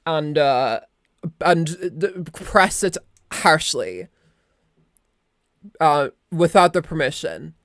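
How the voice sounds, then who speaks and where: On a recording with no room sound, a young adult woman with a lowish voice streams as a VTuber. She chats casually and rambles into a close desk mic, swearing now and then.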